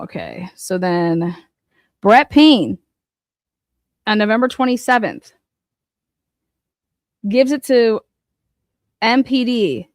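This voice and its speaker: A woman talking through documents on her own channel in a loose, unscripted way. She curses freely and lurches from quiet muttering to loud, excited outbursts. Her voice sits at an ordinary middle pitch and sounds close and dry, with no room around it. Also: takes it slowly, long pauses, no room sound. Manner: excitable and profane, swinging from muttering to loud exclamations. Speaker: online true-crime commentator. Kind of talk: casual commentary while reading documents.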